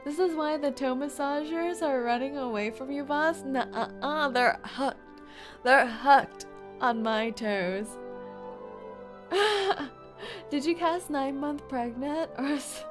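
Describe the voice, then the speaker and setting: A woman livestreaming a game in a giggly, teasing, goofy way. Her voice sits high and bounces all over, and she takes her time with the words. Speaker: streamer.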